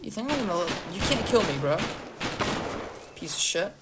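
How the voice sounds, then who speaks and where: A woman's voice: lowish voice, sing-song, moderate pace. A woman chatting casually in a game's voice chat, joking and trolling other players and swearing often. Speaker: gamer. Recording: game sounds and noise behind.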